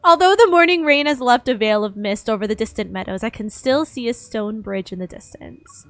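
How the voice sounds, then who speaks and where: A woman's voice: on the high side, fairly quick, a bit bright, no echo. A young woman streamer reading a game's story aloud, with casual joking asides. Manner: reads narration, breaks off into joking asides.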